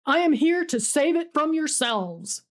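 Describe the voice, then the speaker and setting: A woman voicing a menacing, hyper-articulate male writer who is said to speak in a low mumbling Southern drawl, coolly taunting. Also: very animated, unhurried. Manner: cool, taunting and then cutting.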